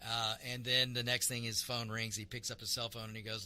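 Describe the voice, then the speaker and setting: A man's voice: mid-range voice, quick pace, sharp tone. Emphatic male talk radio host. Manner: emphatic, repeats words as he restarts. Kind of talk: opinionated talk radio commentary.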